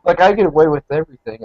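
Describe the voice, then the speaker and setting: A man's voice: high voice, gravelly, a little mellow. Rambling young man on a muffled call. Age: 20s. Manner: rambling, filler-heavy storytelling. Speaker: participant. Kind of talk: casual group voice chat.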